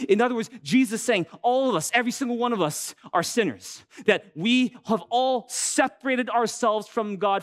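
A man with a notably high-pitched voice preaches a sermon as a pastor. He talks in a casual, animated way, telling the story and firing off rhetorical questions to his listeners. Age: adult with an older son.

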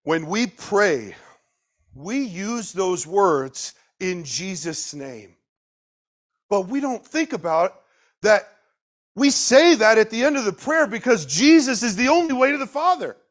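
A man preaching a sermon, swinging between loud emphatic bursts and quiet, slowed asides, and putting questions straight to his listeners. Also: high-pitched, very animated. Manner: talks directly to the listeners with questions.

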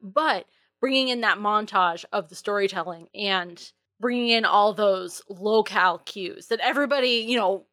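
A woman from New England co-hosts a podcast, chatting enthusiastically and casually about a movie. Her medium-pitched, fairly bright voice keeps a moderate pace, recorded in studio quality with no room sound.

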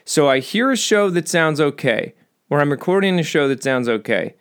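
A man's voice: normal speed, smooth. Solo male podcaster, chatty and self-mocking, wide swings from mutter to yelp. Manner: self-mocking, rambling, swings between low mutters and high excited bursts. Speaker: podcast host.

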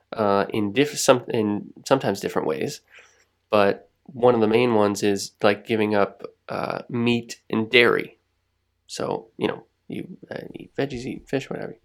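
A man muses aloud in a casual podcast chat, his voice sitting low with a gravelly, fry-edged texture. He thinks as he talks, restarting phrases and laughing softly between points. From United States. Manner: thoughtful, rambling with restarts and soft laughs. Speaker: podcast co-host.

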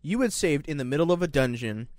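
A young man talking loosely in a casual chat, full of fillers, restarts and easy laughter. His voice sits somewhat high for a man, and the sound is dry and close-miked. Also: animated, quick pace, a little mellow, no echo.

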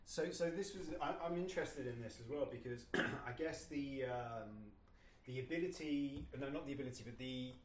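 Male host, halting questions, roomy echo and faint room noise. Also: mid-range voice. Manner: halting, restarts his questions. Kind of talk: casual interview chat.

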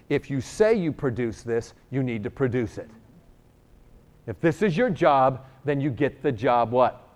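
A middle-aged man from New York preaching a sermon, telling a healing story with jokes and acting out both sides of the dialogue. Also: medium pitch. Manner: animated, joking, acts out dialogue.

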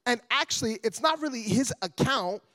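A young man preaching a sermon as a guest evangelist, joking with the congregation and building up to loud, energetic preaching. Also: very high-pitched, moderate pace.

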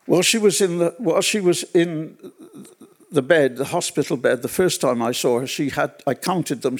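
A man preaching a sermon at a church gathering, telling personal stories in an unhurried way and repeating phrases for weight. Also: mid-range voice, creaky. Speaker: pastor.

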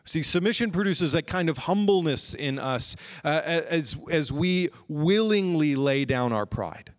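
A man preaching a sermon in an earnest way, slowing down and drawing out key phrases for emphasis. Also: a little high, animated. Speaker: pastor.

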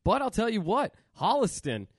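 A man hosting a casual horror movie podcast, talking in a profane, animated rant. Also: high voice, moderate pace, slightly rough, no echo, clean studio sound. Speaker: podcast host.

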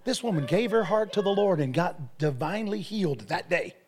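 A man's voice: high-pitched, lively intonation, fairly quick, darkish tone. A male pastor preaching a sermon, telling stories with energy and often repeating his phrases.

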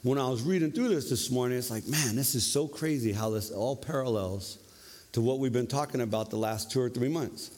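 A male preacher giving a lively, conversational sermon, often tagging his points with questions. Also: mid-range voice, brisk. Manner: conversational, animated, tag questions. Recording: long reverb of a hall.

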